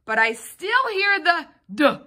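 Lively bright-voiced woman teaching phonics. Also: very high-pitched. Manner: patient, sounds out letter sounds slowly. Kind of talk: phonics lesson with a child.

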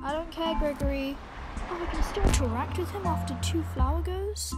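A woman's voice: very high-pitched, fairly quick. A woman giving casual, exasperated commentary over a game, laughing and talking back to characters. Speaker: gaming channel host. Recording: game music behind voice.

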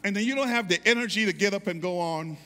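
A man preaching in a church with a high, bright, ringing voice. His delivery is fervent, and he repeats lines and urges the congregation to answer back. A long reverb trails off his words through the sanctuary. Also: quick pace. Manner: fervent call-and-response preaching, repeats phrases. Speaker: pastor. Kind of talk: sermon.

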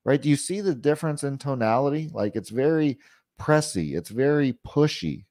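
Man, sales trainer, casual chatty talk, mellow dark voice, dry sound. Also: a little high, brisk, no room sound. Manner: conversational, frequent "you know" and "right?" asides; acts out pushy and calm sales questions.

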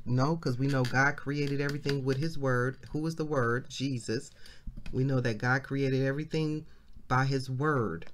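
A woman minister giving a casual devotional Bible teaching, chatty and colloquial, reading verses slowly and repeating key phrases. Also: rumbling low.

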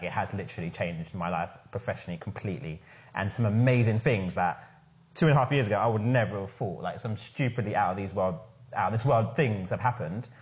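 A man hosting a casual podcast discussion, talking enthusiastically in a chatty way with lots of "like". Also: fairly low pitch. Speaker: podcast host and founder.

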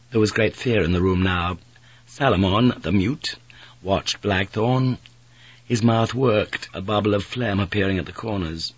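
A man reading an audiobook in an even, unhurried way. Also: fairly low pitch, husky. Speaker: audiobook narrator. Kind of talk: audiobook narration.

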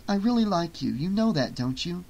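A man's voice: sits high, expressive, gravelly, a little mellow, voice pushed up, heavily acted. A man voicing a defiant young woman. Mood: pleading. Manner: pleading then snapping, quick to argue. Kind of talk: audiobook character voice.

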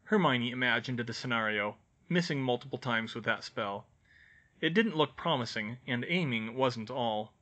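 Bright-voiced male audiobook narrator. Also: medium pitch, normal speed. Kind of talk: audiobook reading of fan fiction.

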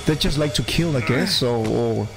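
A gaming channel host with a heavy accent chats casually through a let's-play, laughing at himself over faint game music. His mid-range voice has vocal fry and a moderate pace, on a low-quality recording.

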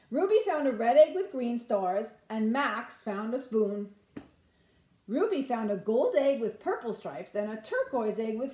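A woman's voice: a little high, echoey room. A nursery school teacher, a woman, reading a picture book aloud and asking the children questions. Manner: animated, asks children questions.

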